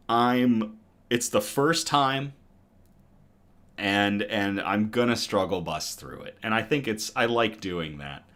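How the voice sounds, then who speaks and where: A man's voice: mid-range voice, fairly bright tone. A man hosting a casual livestream chat, reading viewer comments aloud and laughing often. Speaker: host.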